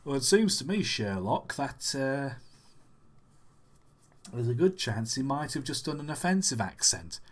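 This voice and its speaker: A man voicing Doctor Watson, reasoning slowly and hesitantly. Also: medium pitch, very animated. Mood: thoughtful. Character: deliberate male sidekick, Doctor Watson.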